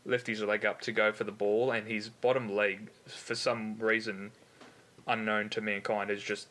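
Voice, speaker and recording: A man with a low but bright voice chats about football in a laid-back way. His remarks come out dry and matter-of-fact. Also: little pitch movement, moderate pace. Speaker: podcast co-host. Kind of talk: casual sports chat.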